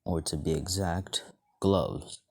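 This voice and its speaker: A man's voice: low-pitched, takes it slowly, a little mellow, exaggerated voice. A man voicing a cocky young male hero in a fan story, talking bluntly and swearing. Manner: brash, swearing.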